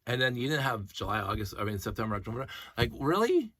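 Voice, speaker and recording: Male vlogger: husky and forceful, dry close sound, telling a story in an indignant, rambling way. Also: fairly low pitch, racing, no echo. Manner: animated and indignant, rambling retelling. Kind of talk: casual storytelling rant.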